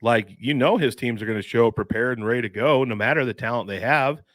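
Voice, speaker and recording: A man co-hosting a sports podcast, talking in a lively, upbeat way and often saying dude. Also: mid-range voice, fast, no echo, studio quality. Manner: enthusiastic, says dude and mm-hmm. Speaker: podcast co-host. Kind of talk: casual sports chat.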